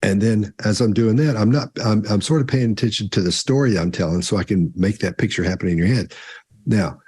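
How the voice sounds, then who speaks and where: A man co-hosting a live Q&A, talking slowly and deliberately with long pauses in the middle of sentences. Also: lowish voice, a little mellow, breathy edge. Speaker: co-host. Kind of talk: live Q&A talk.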